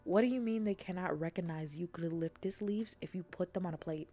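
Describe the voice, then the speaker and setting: A woman streamer in a casual, rambling chat, playful and often dropping into soft whispers. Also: on the low side, fairly quick, faint music behind.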